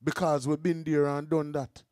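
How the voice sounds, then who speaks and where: A man's voice: a little high, flat delivery, moderate pace, a little mellow, no echo, clean studio sound. A middle-aged man with a Jamaican accent, explaining his views earnestly in casual podcast chat. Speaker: podcast host.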